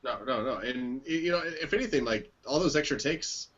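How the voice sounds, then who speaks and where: A man's voice: medium pitch, expressive, fairly quick, a bit bright, slightly rough. A man co-hosting a casual podcast chat, blunt and casually swearing. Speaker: podcast co-host. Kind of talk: casual chat about movies. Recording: dull lo-fi sound.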